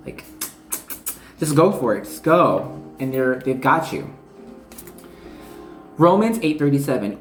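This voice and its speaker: A tarot card reader in a casual, chatty reading to camera, excitable and slangy, now and then quoting scripture. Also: mid-range voice, normal speed. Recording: echoey room with faint music.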